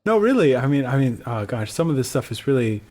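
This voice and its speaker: A man hosts a podcast, talking in a hesitant way and working out his question as he goes. His voice sits at an average pitch. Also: steady tone, fast, warm tone, long reverb tail. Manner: hesitant, thinking aloud with restarts. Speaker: podcast host. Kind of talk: podcast conversation.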